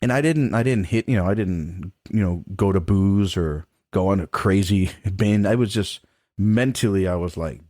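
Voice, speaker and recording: A man's voice: deep voice, moderate pace, dark tone, no echo, clean studio sound. A middle-aged man, a trombone professor, telling a personal story as a podcast guest in a frank, casual way, swearing freely and laughing between points. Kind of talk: candid conversational storytelling.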